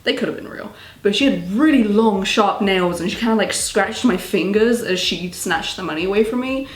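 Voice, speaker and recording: A woman's voice: medium pitch, normal speed, reverberant. Exasperated young British woman vlogger. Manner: animated, exasperated, laughing storytelling. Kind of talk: storytime vlog.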